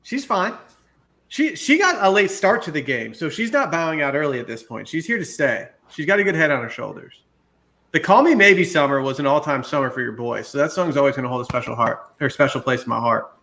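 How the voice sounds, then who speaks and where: Bright high-pitched playful man. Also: animated, fairly quick. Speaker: panelist. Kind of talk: casual comedic banter.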